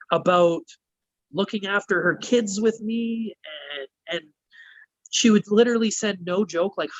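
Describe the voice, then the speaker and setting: Man, wrestler guest, fairly high voice, dry close sound, swears constantly, rambling. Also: dry recording, highs cut off. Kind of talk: casual storytelling.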